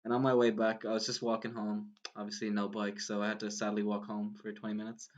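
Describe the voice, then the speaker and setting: A man's voice: fairly low pitch, monotone, fast, highs cut off. Rambling young Irish man telling a story. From Ireland. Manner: rambling storyteller, many "like"s, laughs while talking. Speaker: podcast co-host. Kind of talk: casual chat.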